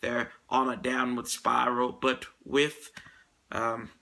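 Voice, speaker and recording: A man's voice: medium pitch, completely flat delivery, slow, creaky, bright, forceful tone, full character voice. A man putting on a mock British broadcaster voice, reading stats in a mock-formal announcer manner.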